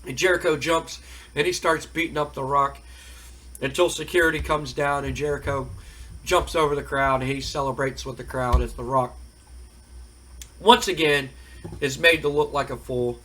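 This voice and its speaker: A man's voice: a little high, steady tone, normal speed, pauses often, a bit bright, slight background noise. A man hosting and narrating a simulation game in a rambling, colloquial way. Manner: rambling, colloquial storytelling with fillers. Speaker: game host.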